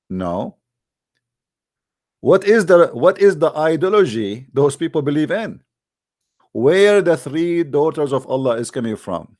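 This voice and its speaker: A man's voice: on the high side, big pitch swings, moderate pace, a little mellow. A man giving a polemical online talk, emphatic and full of rhetorical questions, addressing listeners as guys, with non-native grammar and frequent restarts. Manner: addresses the audience directly as guys. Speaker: religious debate speaker.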